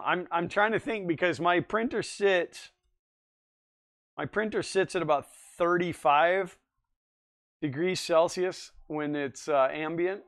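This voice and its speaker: A man's voice: fairly high pitch, a bit bright, clean tone. A man hosting a casual livestream, chatting in a rambling way and answering viewers' comments as he goes. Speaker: livestream host.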